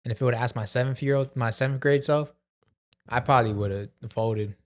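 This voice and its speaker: A man's voice: medium pitch, a little fast. A man co-hosting a casual podcast chat, laid-back and profane, laughing often. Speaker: podcast co-host.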